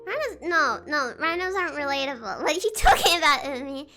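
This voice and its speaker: A young adult woman, chatting casually on a livestream in an excitable, giggly, sarcastic way. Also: sits high, a little fast, loud music behind the voice. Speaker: streamer.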